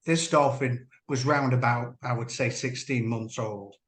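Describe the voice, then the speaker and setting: A man, a former dolphin trainer, giving earnest personal testimony as an interview guest, measured and halting with restarts. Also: medium pitch, steady tone, fairly bright tone. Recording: roomy echo.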